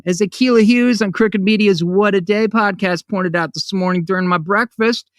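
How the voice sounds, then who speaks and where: A man's voice: high voice, clean tone, no echo, clean studio sound. A man hosting his own podcast, ranting in a sarcastic, profane monologue that jumps between jokes and voices. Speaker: podcast host.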